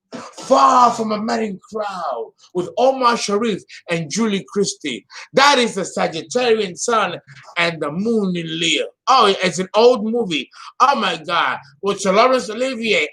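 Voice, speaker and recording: A man talking as an astrologer in a casual vlog monologue. He is theatrical and emotional, and he swings between loud bursts and low murmurs.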